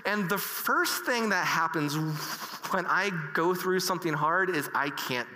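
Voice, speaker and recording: Man, high voice, earnest halting storyteller, speaking in a reverberant hall. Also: animated, pushed and bright, slight background noise. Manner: halting, many restarts and fillers; earnest and emotional. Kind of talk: personal storytelling talk.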